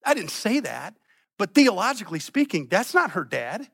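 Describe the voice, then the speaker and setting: A man with a high, bright voice preaching a sermon in church. He repeats phrases for emphasis and moves between loud and quiet passages. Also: big pitch swings, normal speed, gravelly, husky. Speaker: pastor.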